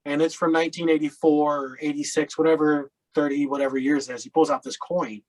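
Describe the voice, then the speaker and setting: A man's voice: a little high, little pitch movement, brisk, darkish tone, poor audio. A man from Colorado telling his personal story as an interview guest, loose and rambling with lots of fillers.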